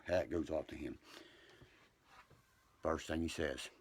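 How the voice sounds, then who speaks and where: A man's voice: very deep voice, fairly even intonation, takes it slowly, breathy edge. A man ranting on a livestream, profane, combative and rambling from one point to the next.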